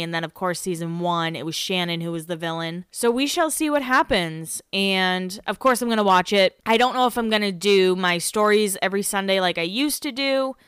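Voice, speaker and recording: A young woman hosting a casual solo podcast, rambling and chatty with lots of fillers, her pitch jumping when she gets excited. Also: clean tone, no echo, studio quality. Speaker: podcast host.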